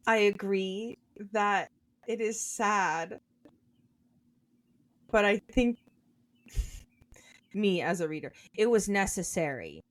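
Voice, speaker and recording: A woman's voice: mid-range voice, animated, takes it slowly, pauses often, no room sound. A young woman co-hosting a podcast, chatting casually about a book and thinking her points through aloud. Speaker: podcast co-host.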